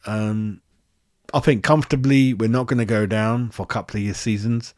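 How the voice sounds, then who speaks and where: A man hosting a football fan channel, reviewing a match in blunt, excitable, heavily sworn chat. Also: on the low side, moderate pace, no echo, clean studio sound. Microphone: handheld microphone.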